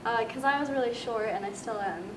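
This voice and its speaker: A woman's voice: a little high, a little fast. A teenage girl, a senior band student, telling a memory in a bubbly, laughing way in a casual group interview. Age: teens. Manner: bubbly, laughing storyteller who acts out quotes. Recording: roomy, distant mic with loud crowd and noise.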